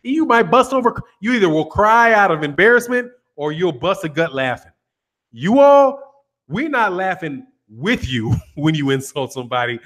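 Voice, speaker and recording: A man's voice: sits high, sing-song, normal speed, a bit bright. An American man hosting a boxing channel, ranting casually with a lot of swearing and laughter. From United States. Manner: profane, teasing, laughs often.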